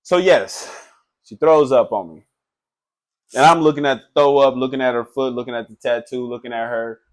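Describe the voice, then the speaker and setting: Tattoo artist guy telling a story, loose and animated, swears a lot, keeps saying you know what im saying, medium pitched voice. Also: moderate pace. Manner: animated, loose and profane, heavy with filler phrases. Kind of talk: casual storytelling.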